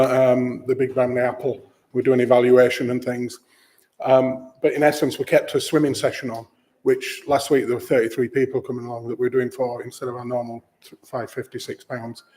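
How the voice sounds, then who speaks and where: A man gives a conference talk in a plain, matter-of-fact way. He works through figures and pauses often on fillers. His pitch sits in an ordinary middle range for a man. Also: darkish tone. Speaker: charity chief executive. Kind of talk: conference presentation. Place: conference room.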